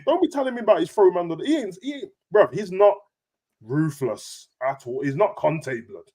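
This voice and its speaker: A young man, hosting a casual football chat with animated, slangy banter. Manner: animated, slangy, rapid banter with big pitch jumps. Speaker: football podcast host.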